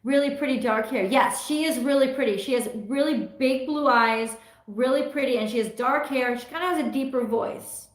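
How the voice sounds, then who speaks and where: A woman's voice: high voice, normal speed. A middle-aged woman hosting a tarot livestream, chatting casually and reading viewer comments aloud with frequent laughs. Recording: echoey room.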